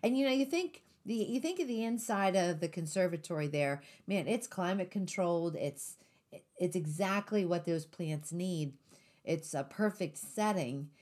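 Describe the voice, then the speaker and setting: A woman's voice: on the low side, animated, normal speed, a little mellow. A woman hosting a Christian talk show, reflecting on her own story with light humor before turning to scripture teaching. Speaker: host. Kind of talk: faith-based podcast chat.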